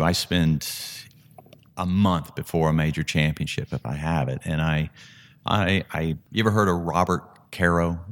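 A middle-aged man, a golf analyst and podcast guest, telling stories vividly with frequent restarts. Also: deep voice. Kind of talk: conversational storytelling.

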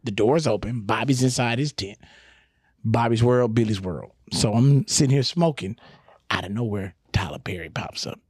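A young adult man, a comedian guest, telling a slangy, animated story on a podcast. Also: mid-range voice, moderate pace, husky, no room sound, studio quality. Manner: animated, slangy, acts out scenes.

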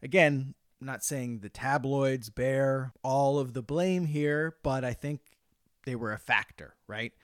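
A man co-hosting a podcast in casual chat, often trailing off quietly and hedging his points. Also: mid-range voice, clear, resonant tone, dry recording, studio quality. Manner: trails off softly, hedging with "I think". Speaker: podcast co-host.

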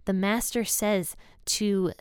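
A woman gives a relaxed devotional Bible talk, retelling the passage in plain conversational words and speaking openly about her own life. Her voice is smooth and clear, and the recording is dry and close. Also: mid-range voice, slow pace, no room sound. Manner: candid and personal. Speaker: Bible teacher.

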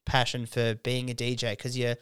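A young man, a guest comedian on a podcast, telling stories in an animated way and laughing often. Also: mid-range voice, moderate pace, smooth, no room sound, clean studio sound. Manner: animated storyteller, slips into quoted voices, laughs often. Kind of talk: casual podcast chat.

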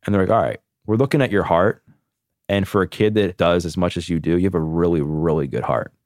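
A man in his thirties, a podcast guest, telling his own story candidly in a casual, animated way, full of "like". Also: deep voice, a little fast, dry recording, studio quality. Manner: candid, animated, heavy use of "like".

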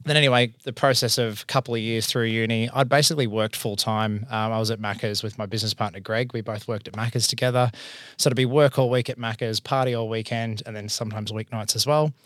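Animated Australian man telling a story. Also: lowish voice, fast, no echo, studio quality. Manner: animated, acts out quoted voices. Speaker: accountant and business owner. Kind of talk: casual storytelling.

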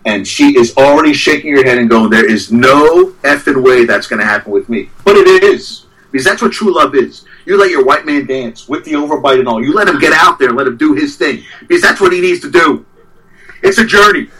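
A man's voice: fairly high pitch, lively intonation, quick pace, pushed and bright, husky, far from the mic, poor audio. A man who is a guest on a talk show, giving a rambling, self-deprecating comedic rant.

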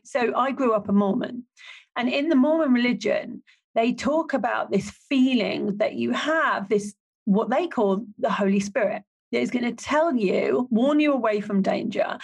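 A woman hosting a podcast interview, friendly and quick to laugh. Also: on the high side, creaky, slightly rough. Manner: friendly, laughs easily, short affirmations. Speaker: podcast host. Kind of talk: conversational interview.

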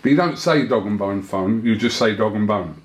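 A man's voice: on the low side, moderate pace. Cheeky male interviewer in an echoey gym. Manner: cheeky, prodding, jokey. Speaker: interviewer, podcast host. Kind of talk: casual interview banter. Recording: echoey room with faint noise.

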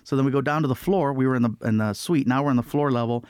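A man telling a story as a guest comedian in an interview, animated and acting out other people's voices. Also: medium pitch, rapid-fire, clear, resonant tone, dry recording, studio quality. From California.

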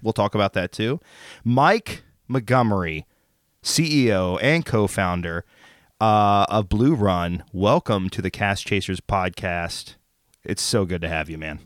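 A man's voice: fairly low pitch, dry recording, clean studio sound. A man hosting a podcast, introducing his guest with joking, self-deprecating banter. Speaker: podcast host. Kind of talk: casual podcast interview.

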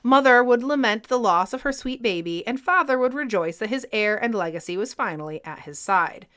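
A woman co-hosting a podcast, reading scripted history narration in a clear, even way. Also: a little high, fairly quick. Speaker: podcast co-host.

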